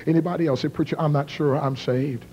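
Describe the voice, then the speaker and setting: A man in his thirties preaching a revival sermon and leading an altar call, swinging from hushed whispers to shouted appeals. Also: fairly high pitch, fairly even intonation, quick pace, highs cut off, a little hiss or hum. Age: 30s. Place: large church with balcony. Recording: long reverb of a large hall.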